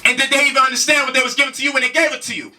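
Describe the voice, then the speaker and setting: A man's voice: very high-pitched, fairly even intonation, rapid-fire, sharp tone, distant mic. A man giving a heated spoken lecture, emphatic, with repeated rhetorical questions and casual slang. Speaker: speaker challenging a debate opponent.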